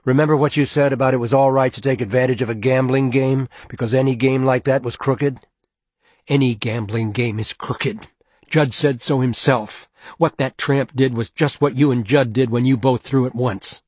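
A fierce young woman in an audiobook, sharp and accusing, her voice raised and a little husky, as a male narrator puts her on. The reading is dry and close, with no room around it. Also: medium pitch, steady tone, moderate pace, dry recording, lightly acted. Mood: angry, accusing. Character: young woman, furious and indignant.

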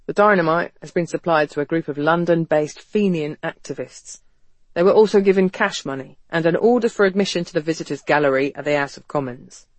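A narrator voicing a quiet, controlled male agent who speaks low and matter-of-fact in an audiobook. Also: a little fast, dry recording, lightly acted. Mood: quiet, guarded. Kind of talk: audiobook character reading.

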